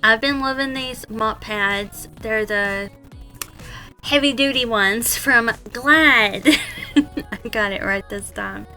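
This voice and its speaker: A chatty, giggly woman talks casually over her clip. Her voice is bright and a little high. Faint background music plays under her. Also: takes it slowly. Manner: chatty, giggly, self-mocking. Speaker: vlogger.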